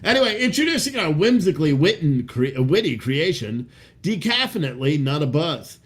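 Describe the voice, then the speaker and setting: A man's voice: a little high, big pitch swings, normal speed. A man hosting a casual show, reading over-the-top coffee ad copy aloud, swearing freely and laughing at his own jokes. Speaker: podcast host.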